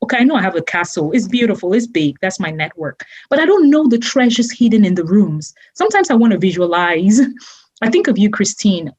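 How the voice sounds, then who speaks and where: Husky-voiced woman giving effusive thanks. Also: mid-range voice, animated, brisk, hardly any pauses, darkish tone. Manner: effusive, repeats imagery, laughs often. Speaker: guest, entrepreneur. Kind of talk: emotional testimonial interview.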